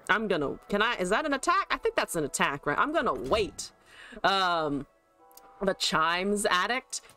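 A woman's voice: medium pitch, bright, forceful tone. A woman streamer casually commentating her card game, joking, laughing and swearing freely.

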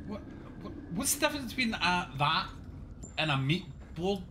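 A Scottish man talks over his game stream in an animated, exasperated rant full of swearing. His pitch swings widely from low grumbles to high outbursts. Steady noise sits under the voice. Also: normal speed. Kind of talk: casual live-stream chat.

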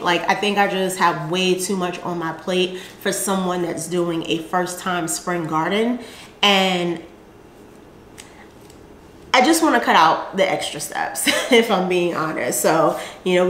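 Woman, southern american accent, low-ish voice, rambling garden chat, roomy echo. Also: fairly bright tone, slight background noise. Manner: chatty, rambling, with many fillers. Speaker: gardening channel host. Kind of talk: casual chat showing seed packets.

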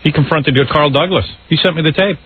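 A man's voice: a little high, fast talker, a little hiss or hum. A man hosting a radio talk show, bantering in a sarcastic, mocking, blunt way. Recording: phone-quality radio recording.

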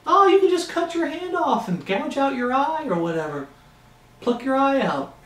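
A man's voice: very high-pitched, big pitch swings, normal speed, a bit bright, far from the mic, voice pushed up, exaggerated voice. A man voicing a smug, self-righteous false convert in a mocking, whiny sing-song. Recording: echoey room.

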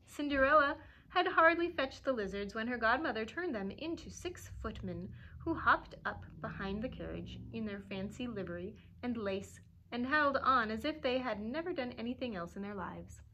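Children's librarian at story time: expressive, animated reader, slightly high voice. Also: female voice, normal speed. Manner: expressive, animated, chuckling at the pictures. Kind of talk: reading a storybook aloud to children.

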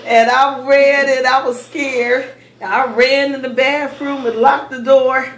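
A woman's voice: high voice, slow. Woman telling a story in a roomy space. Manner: lively storyteller, laughing through the memories. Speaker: interviewee recalling childhood. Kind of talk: oral history storytelling.

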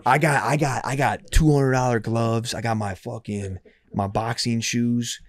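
A man in his thirties from Michigan, telling a story as a podcast guest in a loose, profane, animated way. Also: mid-range voice, a little slow. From Dearborn, Michigan, US. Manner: profane, animated, repeats himself when excited. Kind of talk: casual storytelling.

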